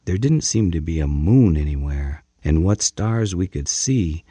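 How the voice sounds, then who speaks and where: A man narrating a first-person story as an audiobook, measured and dramatic. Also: low voice, lively intonation, warm tone, breathy edge, dry recording, studio quality.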